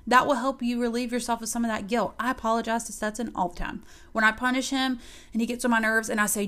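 Young woman, mom-vlogger, fairly high voice, emphatic, direct encouraging talk. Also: fairly even intonation, quick pace, fairly bright tone. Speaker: mom giving advice to mothers. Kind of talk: casual motivational talk to camera.

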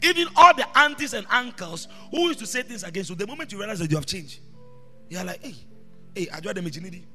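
A man preaching a sermon as an apostle, shifting between quiet asides and shouted proclamations. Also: high voice, lively intonation, quick pace. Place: church hall. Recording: reverberant church hall with music behind.

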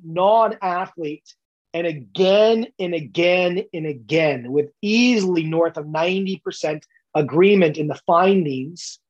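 A man's voice: high-pitched, a little mellow, muffled recording. A man as a podcast guest, explaining coaching ideas in an emphatic, lecture-like way and repeating words for stress. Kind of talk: explanatory interview talk.

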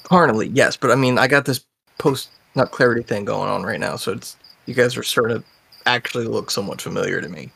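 A man's voice: mid-range voice, brisk, creaky, fairly bright tone, breathy edge. A man voicing a flustered adult male security guard in a tabletop game, blunt and crude. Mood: dazed.

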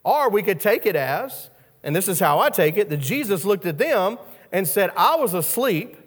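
Brief: male preacher with a high voice, conversational sermon, stumbles and repeats, long hall echo. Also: very animated, normal speed. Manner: repeats words as he restarts, asks the listeners questions.

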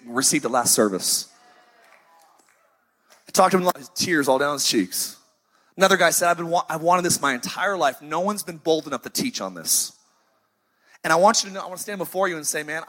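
Brief: man, 30s, pastor mid-sermon, husky and high, faint music under him. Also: a bit bright. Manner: emphatic, storytelling with sighs and dramatic pauses. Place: church sanctuary, live.

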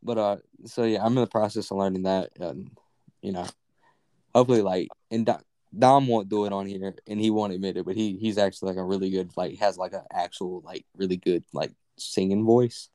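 A man's voice: low voice, fairly even intonation, brisk, mellow, dry recording. A young man co-hosting a podcast, rambling in casual, unscripted chat full of fillers and swearing. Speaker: podcast co-host.

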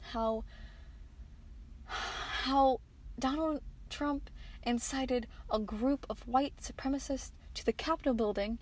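A woman's voice: high voice, poor audio. A nineteen-year-old American woman hosting her own podcast from inside a parked car, talking candidly and rambling with restarts and swearing. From United States. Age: late teens. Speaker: podcast host. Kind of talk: solo podcast monologue.

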